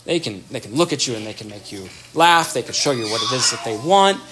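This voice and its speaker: A man's voice: mid-range voice, lively intonation, fairly quick, background noise. A man giving an explanatory talk on child development, thoughtful, with restarts and everyday examples.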